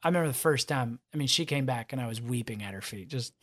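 A man's voice: mid-range voice, fast. A man, a podcast guest and father, talking in a casual interview and acting out quotes as he tells stories. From United States. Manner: animated storyteller, acts out quotes.

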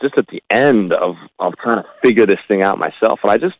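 Low-voiced man, candid, phone-thin. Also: no room sound. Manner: candid, halting, many fillers. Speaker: guest musician. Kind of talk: casual interview chat. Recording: dry, phone-like sound.

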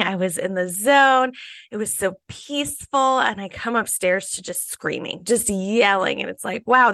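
Bright-toned woman author, slightly gravelly. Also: mid-range voice, no room sound. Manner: warm, reflective storytelling. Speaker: author guest. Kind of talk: radio interview.

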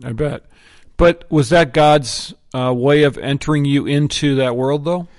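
A man's voice: on the high side, a little slow, dry recording, studio quality. A man hosting as a pastor, asking questions and giving brief encouraging responses in a conversation. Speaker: pastor and interviewer. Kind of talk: conversational interview.

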